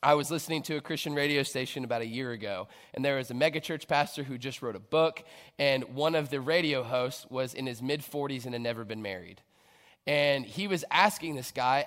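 A man's voice: medium pitch, brisk, a bit bright. A man preaching a sermon from a church stage, earnest and building to emphatic bursts. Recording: long hall reverb.

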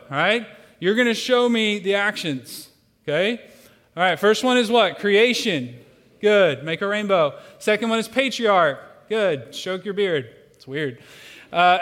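A pastor with a high, fairly bright voice leads his congregation through a playful participation exercise, joking and coaching as he teaches. He's in a large church sanctuary, and the recording carries a long hall reverb.

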